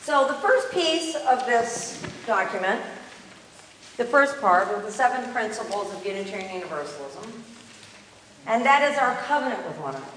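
This woman, a staff leader for congregational life, preaches emphatically in the sanctuary with a slightly high, fairly bright voice, lively intonation, and moderate pace, returning to key phrases again and again. A far-off mic captures the echoing hall and some faint background noise.

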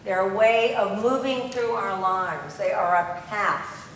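A woman who leads congregational life on a church staff takes her time delivering an earnest sermon in the sanctuary, her mid-range voice a bit bright as she repeats important phrases. The hall echoes, the mic is distant, and there is slight background noise.

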